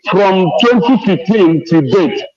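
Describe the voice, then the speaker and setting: A man from Edo State, Nigeria, calling in with an earnest, deliberate political comment. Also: high-pitched, lively intonation, a little mellow. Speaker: caller. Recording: dull lo-fi line.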